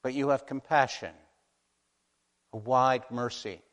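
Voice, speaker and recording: A man preaching a sermon, moving between hushed, slow passages and loud, impassioned warnings. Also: medium pitch, steady tone. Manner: dramatic, swings from hushed to impassioned. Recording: long hall reverb.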